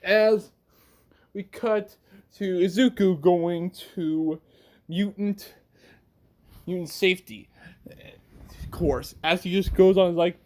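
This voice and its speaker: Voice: medium pitch, slow, pauses often, darkish tone. A young adult fan narrator casually telling a story, chatty and laughing at their own tale.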